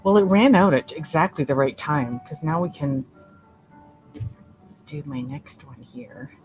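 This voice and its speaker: Woman chatting thru a crochet lesson, lowish voice, laughs a lot, faint music in back. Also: animated, measured pace. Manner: chatty, laughs often, counts stitches aloud softly. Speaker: crochet teacher. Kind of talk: relaxed crochet-along tutorial. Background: soft relaxing music.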